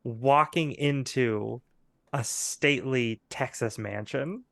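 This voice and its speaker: A man's voice: medium pitch, takes it slowly, gravelly, a bit bright, no echo, clean studio sound. A man narrating a tabletop game as game master, rambling and hesitant with many fillers.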